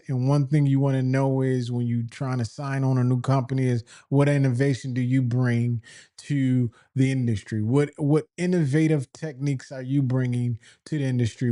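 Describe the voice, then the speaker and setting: A man in the middle of a sports opinion rant, his voice warm and mellow in tone. He sounds exasperated and keeps asking rhetorical questions, circling back over the same points. His pitch sits in an ordinary middle range. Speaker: football fan commentator.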